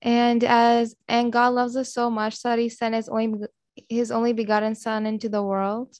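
A woman reflecting on a devotional reading and reading aloud, halting now and then. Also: on the high side, flat delivery, darkish tone, no echo. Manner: halting, with fillers and restarts.

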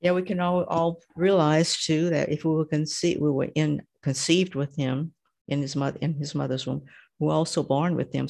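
A devout woman reads a devotional passage and reflects on it in a prayer group. Her voice is gravelly with a touch of vocal fry, and she speaks gently, often saying "you know" as she thinks aloud. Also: deep voice.

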